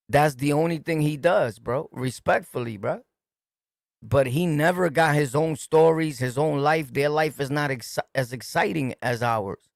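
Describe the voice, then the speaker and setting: A man's voice: fairly high pitch, measured pace, gravelly, dry recording, clean studio sound. A man with a New York accent hosting a casual commentary stream, talking in a streetwise, repetitive, emphatic way. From New York City. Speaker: host. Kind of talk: casual commentary to a livestream chat.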